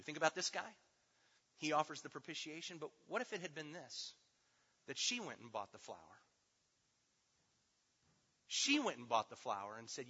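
Male preacher, emphatic teaching style, animated high voice; dull recording with long hall reverb. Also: normal speed, long pauses, husky. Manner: emphatic, swinging between loud stresses and hushed asides. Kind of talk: teaching sermon.

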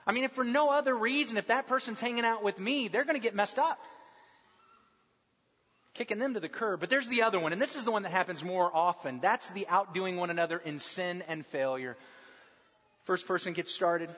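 A pastor preaching a sermon in a conversational, humorous way that often slips into mimicking people. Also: male voice, high-pitched, fairly quick, pushed and bright, breathy edge. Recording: dull sound with long hall reverb.

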